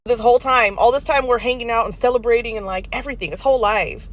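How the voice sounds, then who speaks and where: A mother tells a chatty, laughing story in a fairly high voice. Faint vehicle noise hums behind her. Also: quick pace. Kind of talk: casual storytime.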